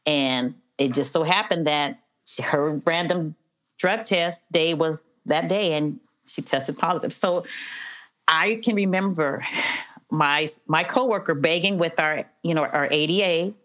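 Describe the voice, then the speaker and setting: Low-voiced earnest middle-aged woman. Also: unhurried, fairly bright tone. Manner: earnest, heartfelt, many "you know" fillers. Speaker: interview guest, probation officer. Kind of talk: conversational storytelling interview.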